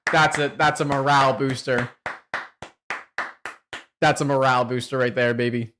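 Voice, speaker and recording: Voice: medium pitch, fairly even intonation, moderate pace, a bit bright, a little hiss or hum. A card game streamer in casual gaming commentary, swearing freely and picking apart their own misplays in rambling, restarting sentences.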